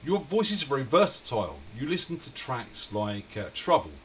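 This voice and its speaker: A male radio host speaks with a voice of ordinary middle pitch. He asks his guest questions in an enthusiastic, complimentary way. A faint hiss of background noise runs underneath. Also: sing-song, moderate pace. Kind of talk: radio interview conversation.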